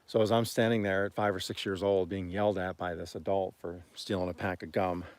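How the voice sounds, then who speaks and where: A man from Oklahoma hosting a homestead livestream, telling stories in a rambling, folksy way and often clearing his throat. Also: deep voice, flat delivery, a little fast, a little mellow, dry recording. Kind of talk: casual storytelling on a livestream.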